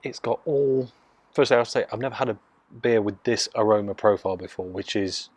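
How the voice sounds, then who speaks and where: A man, from Nottingham, casually reviewing a beer in hushed, half-whispered tones, recorded on a phone mic out in his garden. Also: fairly low pitch, fairly quick, breathy edge, no room sound. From Nottingham, England. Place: outdoors in a home garden.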